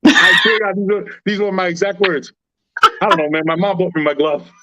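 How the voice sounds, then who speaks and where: A man hosting a casual sports podcast, telling stories in an animated, slangy way with plenty of swearing. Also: high voice, fairly quick, very noisy.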